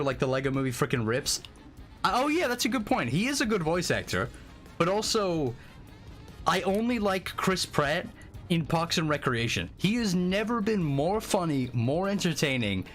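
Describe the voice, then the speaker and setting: A man streaming a game, chatting casually with viewers in an excitable, profane, rambling way. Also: on the high side. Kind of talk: casual live-stream chat. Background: faint music.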